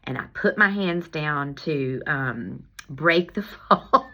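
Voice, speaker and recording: A woman chiropractor telling a story in a casual monologue, animated and laughing as she acts out her own exclamations. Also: deep voice, slow, lo-fi sound. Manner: animated, laughing, lively retelling with acted-out exclamations.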